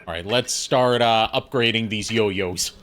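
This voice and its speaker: A man hosting a game stream, casually talking through his play with jokes and filler pauses. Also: on the low side, a bit bright, a little hiss or hum. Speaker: streamer host. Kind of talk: casual gameplay commentary.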